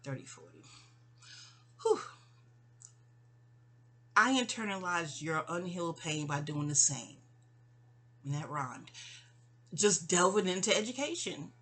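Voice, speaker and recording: A woman from New York speaking in a rambling, digressive personal monologue addressed to her mother, full of restarts and asides, often dropping soft. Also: lowish voice, animated, measured pace. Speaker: vlogger.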